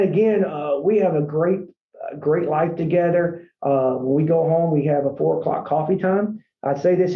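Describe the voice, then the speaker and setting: A man who runs a franchise company, guest on a podcast, telling his story in an earnest, rambling way and often saying "man". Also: fairly high pitch. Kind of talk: casual storytelling interview. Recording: echoey room, dull lo-fi sound.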